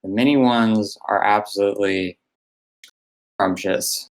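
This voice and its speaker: A man's voice: lowish voice, fairly even intonation, measured pace, poor audio. A young man co-hosting a podcast, talking earnestly and enthusiastically in casual chat. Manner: earnest, enthusiastic about snacks. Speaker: podcast co-host.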